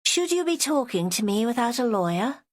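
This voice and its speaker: A woman's voice: on the high side, sing-song, moderate pace, dry recording, studio quality, pitched above the performer's own voice. A woman voicing an imperious, airy woman with a posh southern English accent. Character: imperious, unsettled posh woman, calm and strange.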